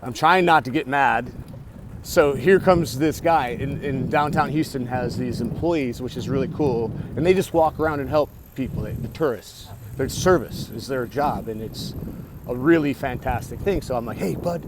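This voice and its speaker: With city noise in the background, a male vlogger tells a rambling, profane story to his camera while riding a bike through the city. He talks at a normal speed in a mid-range voice, with many restarts and bits of self-talk.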